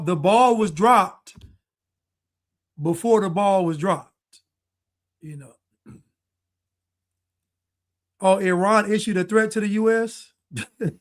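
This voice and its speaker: A man giving casual live-stream commentary who thanks viewers and muses aloud, often trailing off and starting over. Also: high voice. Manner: chatty, musing, trails off and restarts. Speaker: livestream commentator.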